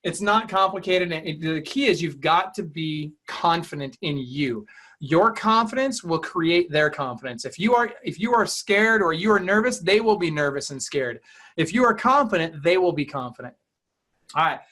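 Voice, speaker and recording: High-pitched guy coaching realtors, punchy, acts out the back-and-forth with clients. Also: normal speed. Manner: energetic, emphatic, acts out client dialogue. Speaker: real estate coach. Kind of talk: coaching interview.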